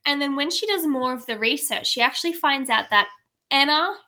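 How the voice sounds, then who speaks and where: Young woman, enthusiastic book chat, bright voice, slightly high pitch. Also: animated, a little fast. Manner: enthusiastic, agreeing often, fillers like "um" and "like". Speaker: book discussion co-host.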